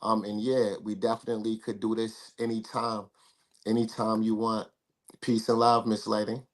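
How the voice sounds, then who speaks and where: A man guest in a casual livestream chat, talking in an animated, slangy, emphatic way. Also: on the low side, moderate pace.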